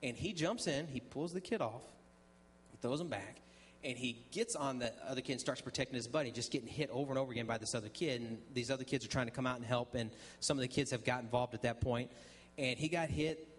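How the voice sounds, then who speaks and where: A man's voice: medium pitch, quick pace, slight background noise. A man sharing his testimony at a church, telling a story conversationally with frequent ums and restarts and acting out the dialogue. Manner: acts out dialogue in quoted voices. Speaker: guest speaker sharing testimony.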